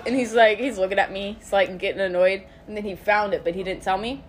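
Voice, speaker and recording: A woman's voice: medium pitch, fairly even intonation, quick pace, a little hiss or hum. A young woman hosting a casual podcast, telling stories animatedly with frequent swearing and laughter. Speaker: podcast host. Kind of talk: casual chat.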